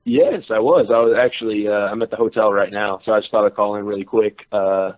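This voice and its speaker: A slightly hoarse man calling in to a show, chatting casually and rambling with fillers. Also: on the low side, expressive, brisk. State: a little hoarse. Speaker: caller. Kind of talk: casual phone call-in chat. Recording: tinny phone line.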